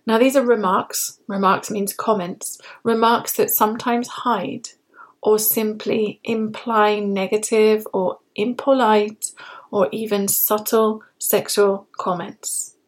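British woman, podcast English teacher, clear slow delivery, mid-pitched, repeats key words. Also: steady tone. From Britain.

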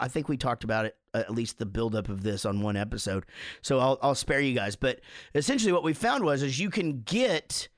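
Rambling, chatty man on a podcast with a fairly high voice. He tells loose stories full of swearing and chuckles, and the sound is dry and close with no room echo. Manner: rambling, profane, laughs while telling stories. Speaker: podcast co-host. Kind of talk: casual storytelling chat.

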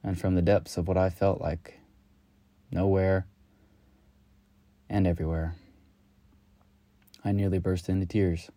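A man reading a reflective personal story in a slow, measured, lyrical way. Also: low-pitched, little pitch movement, mellow, dry recording. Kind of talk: reflective spoken-word storytelling.

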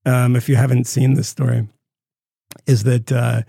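A man co-hosting a podcast, telling stories in a rambling, profane, animated way. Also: medium pitch, normal speed, vocal fry, husky, no room sound, studio quality. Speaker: podcast co-host. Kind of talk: casual chat.

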